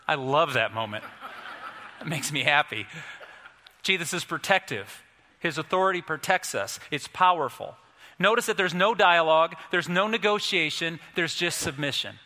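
A male pastor preaching a sermon, emphatic and storytelling, building to forceful peaks. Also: fairly high pitch, moderate pace. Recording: long hall reverb.

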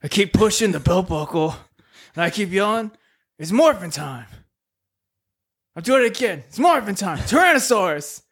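A man's voice: sits high, very animated, moderate pace, pauses often, a bit bright, slightly rough, voice pushed up, exaggerated voice. A man voicing a bumbling superhero leader who cannot work his gear, whiny and exasperated, in a comedy podcast bit.

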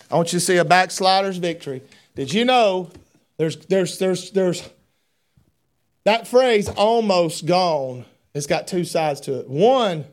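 High-voiced preacher with a drawl. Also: male voice. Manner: fervent, rising to shouts, with stammering repeats. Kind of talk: sermon. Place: church sanctuary.

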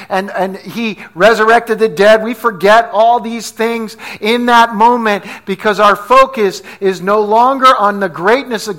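A man's voice: sits high, a bit bright. A man preaching a sermon as pastor, talking conversationally, asking the congregation questions and telling stories with energy.

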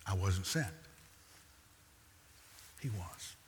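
A man's voice: low-pitched, lively intonation, drawn-out words, a little hiss or hum. A man preaching a sermon, telling the story with wry asides and acting out the quotes. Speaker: pastor. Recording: long reverb in a large hall.

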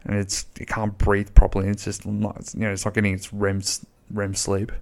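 Man, gravelly fry, slightly low voice, rambling sweary podcast chat. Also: monotone, a little fast, a little mellow. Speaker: podcast host. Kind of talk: casual solo podcast chat.

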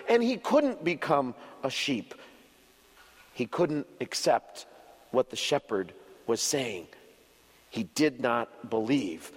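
Slow, expressive pastor telling a story. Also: male voice, mid-range voice, long reverb tail. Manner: expressive storyteller with dramatic pauses. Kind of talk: children's sermon storytelling.

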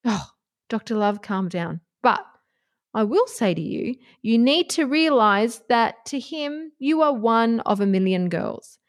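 A woman's voice: fairly high pitch, lively intonation, unhurried. A woman talking bluntly and passionately as she gives relationship advice, swearing freely along the way. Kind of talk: casual advice monologue.

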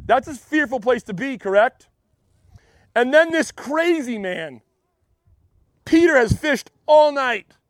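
A man pastor preaching in an animated, conversational way, often restarting his sentences. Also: very high-pitched, no room sound, studio quality. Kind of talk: sermon.

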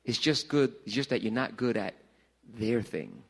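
A middle-aged man preaching a casual youth sermon in a church hall, joking and swinging between loud bursts and hushed lines. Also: mid-range voice, very animated, moderate pace, gravelly, husky. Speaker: pastor.

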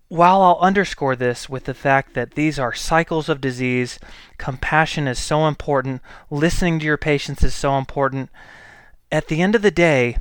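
A man who works as a healthcare provider delivers a blunt, exasperated monologue, pressing each point hard. His voice sits a little high and sounds smooth and resonant. The recording is dry and close, with no room echo. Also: a bit bright. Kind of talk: opinion monologue.

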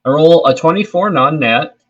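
A man's voice: fairly high pitch, lively intonation, moderate pace, a bit bright, breathy edge, dull audio. An easygoing man playing a tabletop game who often laughs as he talks. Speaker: player.

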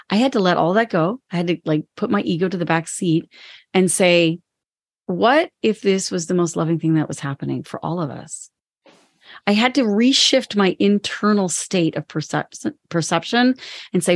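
A woman co-host with a fairly low voice talks through personal experience in a candid, reflective way, sometimes acting out her inner voice. The recording is dry and close, with little room sound. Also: moderate pace, no echo. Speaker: podcast co-host and business owner. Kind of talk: casual podcast conversation.

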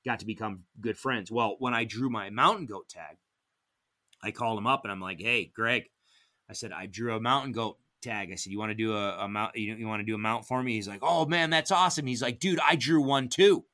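A middle-aged man telling hunting stories as a podcast guest, casual and animated, acting out quoted dialogue with big jumps in pitch. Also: fairly quick. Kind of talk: casual storytelling.

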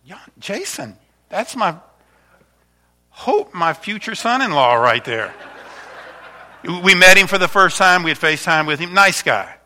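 A man's voice: high-pitched, expressive, a little slow, long pauses. A man in his fifties, a pastor chatting through a slideshow of stories before his sermon. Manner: chatty, warm storytelling with frequent restarts.

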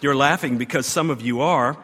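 A man's voice: mid-range voice, a little fast, a bit bright, a little hiss or hum. A man preaching a sermon as pastor, telling a story and building to emphatic, repeated phrases. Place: church sanctuary. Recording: long church reverb.

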